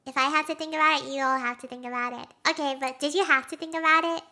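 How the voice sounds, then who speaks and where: A young woman streamer chatting casually with her live audience, giggly and quick to react emotionally. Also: sits high, fairly even intonation, bright, forceful tone. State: has a headache.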